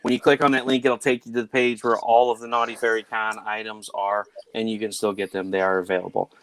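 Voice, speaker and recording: A man's voice: on the low side, fast, clear, resonant tone, dry recording. A man hosting a casual chat, telling family stories and acting out the quotes. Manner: animated storyteller who acts out quotes. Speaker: host.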